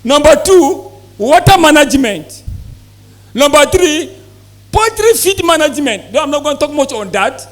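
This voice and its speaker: A man's voice: extremely high pitch, very animated, normal speed, fairly bright tone. A man giving a live seminar talk to farmers, repeating points and asking the audience questions. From Nigeria. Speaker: sales manager giving a farm talk.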